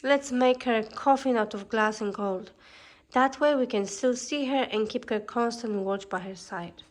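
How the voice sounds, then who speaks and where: A woman doing a gentle little dwarf. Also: fairly high pitch, normal speed, natural voice. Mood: tender. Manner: thoughtful, gentle. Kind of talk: storybook reading.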